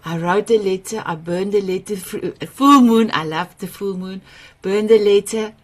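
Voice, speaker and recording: A woman with a South African accent, an Afrikaans speaker, hosting a summit on a video call and sharing personal stories with gushing, emotional warmth and frequent laughter. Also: mid-range voice, moderate pace. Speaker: summit host.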